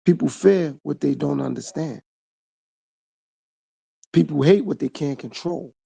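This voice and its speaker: Gravelly man musing in a solo podcast. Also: fairly high pitch, unhurried, warm tone, dry recording. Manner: repetitive, rhetorical questions. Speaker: podcast host. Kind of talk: reflective solo monologue.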